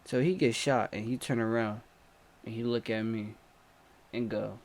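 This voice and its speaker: A young man telling a story in a casual vlog, animated and slangy, swinging from low mutters to excited outbursts. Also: normal speed. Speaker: storytime vlogger.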